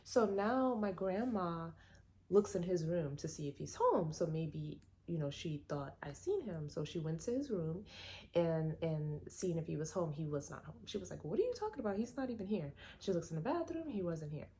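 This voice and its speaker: A woman vlogger telling a personal story in a casual, animated way with many fillers. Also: deep voice, normal speed, slight background noise. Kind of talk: storytime vlog.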